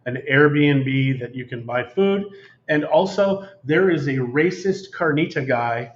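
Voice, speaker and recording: Guy co-hosting a chatty stream, kinda high voice, jokey storyteller, echoey room. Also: expressive, takes it slowly. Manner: joking storyteller, playful exaggeration. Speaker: co-host. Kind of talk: casual chat. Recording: roomy, dull lo-fi livestream sound.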